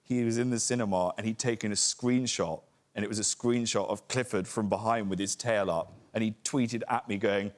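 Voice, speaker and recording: A British actor telling lively, jokey anecdotes as a guest on a TV chat show. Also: male voice, on the low side, normal speed. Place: TV studio with audience.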